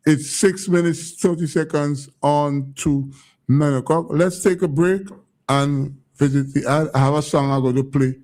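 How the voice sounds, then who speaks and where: A man's voice: fairly high pitch, steady tone, measured pace, a little mellow. A man hosting a call-in radio show, chatty and telling stories with repeated words. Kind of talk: casual call-in radio chat.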